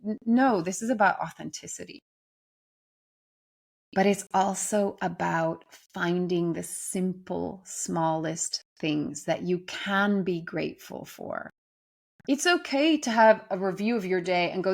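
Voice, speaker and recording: A woman giving a gentle, earnest spiritual talk from home, speaking emphatically and often restarting her phrases. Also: on the low side, a little slow, vocal fry. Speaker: spiritual teacher. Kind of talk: reflective spoken talk.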